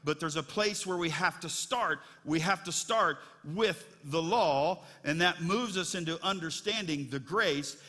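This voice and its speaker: A middle-aged man preaching to his congregation, easygoing and folksy, full of little asides and fillers. His voice is bright and forceful, sitting a touch high for a man, and it rings out with a long reverb through the church sanctuary. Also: measured pace, hardly any pauses. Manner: folksy, chatty storytelling with many fillers. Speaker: pastor. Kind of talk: sermon.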